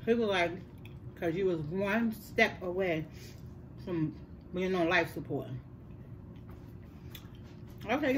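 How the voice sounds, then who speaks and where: A woman's voice: lowish voice, slow pace, pauses often, a little hiss or hum. Older woman telling a story. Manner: animated, repeats words for emphasis, addresses listeners as y'all. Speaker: host. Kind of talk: casual storytelling.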